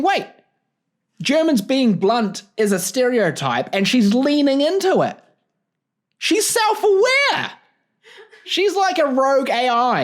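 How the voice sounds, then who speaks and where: New man, solo podcast host, goofy rambling, very animated pitch. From New Zealand. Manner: goofy, rambling, laughs at his own jokes. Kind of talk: casual solo podcast monologue.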